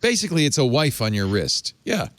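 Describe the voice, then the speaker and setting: A man's voice: medium pitch, very animated, moderate pace, no room sound. A man hosting a tech talk show, reading press text aloud and mocking it with wry asides. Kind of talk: casual panel chat.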